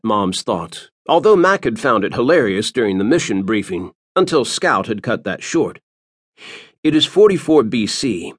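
A man reads an audiobook in a dramatic, scripted style. His pitch sits in the middle of the male range but moves a great deal, giving the narration lots of movement. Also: dry recording, clean studio sound.

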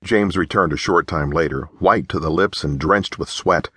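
A man reading a historical novel aloud as audiobook narrator, in measured storytelling. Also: very deep voice, a bit bright, breathy edge, no room sound, clean studio sound. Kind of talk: scripted narration.

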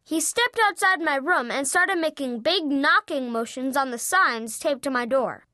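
A high, bright narrator reads a children's audiobook in the first person, with a lively, expressive telling. The pace is unhurried, and the studio sound is dry and close. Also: no echo.

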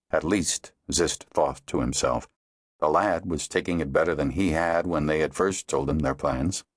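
A deep-voiced man reads a fantasy audiobook in a measured storytelling manner. His intonation moves lively around a low base. The sound is dry and close, without room echo. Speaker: audiobook narrator. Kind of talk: scripted narration.

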